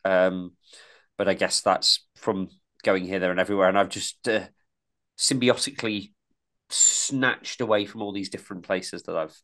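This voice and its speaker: A man's voice: sits low, steady tone, moderate pace, fairly bright tone. A man from the East Midlands with a mild East Midlands accent, co-hosting a podcast in casual, rambling chat full of restarts. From East Midlands, England. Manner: rambling, many restarts and repeated words. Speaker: podcast co-host.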